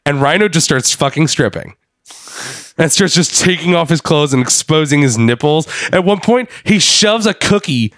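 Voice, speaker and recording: A young man co-hosting a casual podcast, recapping wrestling in an animated way, swearing freely and acting out what people said. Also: fairly high pitch, normal speed, no room sound, clean studio sound. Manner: animated, swears a lot, acts out quotes. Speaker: podcast co-host.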